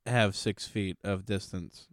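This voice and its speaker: A man's voice: sits low, fairly even intonation, slow, no room sound, clean studio sound. A man co-hosting and producing a casual podcast, wry, steering the chat along.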